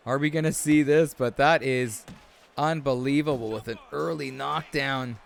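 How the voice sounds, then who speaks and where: A man's voice: medium pitch, normal speed, creaky. Laid-back man commentating a simulated fight. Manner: laid-back, says "man" often, bursts of excitement at big moments. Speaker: sports commentator and video host. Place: home setup, recording live.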